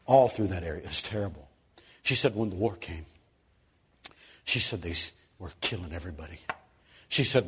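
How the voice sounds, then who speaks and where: A man preaching a sermon, telling a story with animated swings from loud emphasis to soft, quiet lines. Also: low-pitched, brisk, pauses often, breathy edge.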